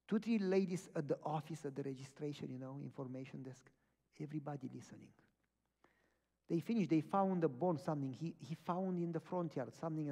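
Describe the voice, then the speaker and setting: A man, a pastor, preaching a sermon with personal stories, acting out the dialogue as he tells them. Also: a little high. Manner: animated storytelling, acting out dialogue. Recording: long reverb of a large hall.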